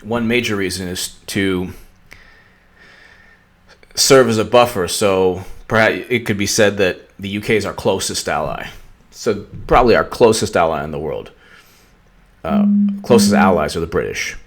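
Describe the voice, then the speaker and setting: A man's voice: low-pitched, moderate pace. A man hosting a political commentary vlog, rambling and sarcastic, often stumbling and restarting his sentences.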